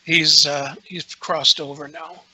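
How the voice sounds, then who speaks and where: A man's voice: a little high, level tone, slow pace, pushed and bright, slightly rough, rough recording. A man, a guest on a podcast, telling a long story casually, full of filler words and restarts. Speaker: guest, radio show host.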